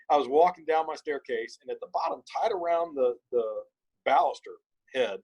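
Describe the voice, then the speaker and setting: Husky-voiced man telling an animated story. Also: a little high, moderate pace, poor audio. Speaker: podcast guest. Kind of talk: casual storytelling conversation.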